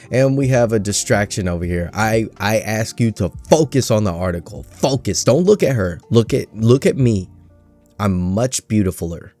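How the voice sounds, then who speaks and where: A man's voice: sits low, darkish tone. A man hosting a casual, jokey stock market vlog, rambling with self-mocking asides.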